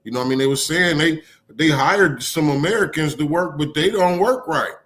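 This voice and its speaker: A man's voice: on the high side, moderate pace, fairly bright tone. Laid-back man rambling casually. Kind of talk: casual live-stream chat.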